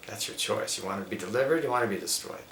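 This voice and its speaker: A man's voice: fairly low pitch, quick pace, gravelly, fairly bright tone. A middle-aged man, a yoga teacher, giving emphatic, preachy spiritual advice in an interview, laying out his points one by one. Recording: echoey room with faint background noise.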